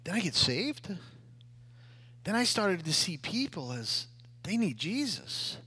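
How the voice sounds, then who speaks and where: A middle-aged man preaching a sermon, telling his own story with loud emphasis and hushed asides. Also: high-pitched, sing-song, slow, slightly rough. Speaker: pastor.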